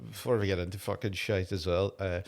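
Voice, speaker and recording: A man from Donegal with a Donegal Irish accent, a comedian co-hosting a podcast and telling gig stories in a sweary, animated way. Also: low voice. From Lifford, County Donegal, Ireland. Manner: sweary, animated storytelling, quick laughs. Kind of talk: casual comedy chat.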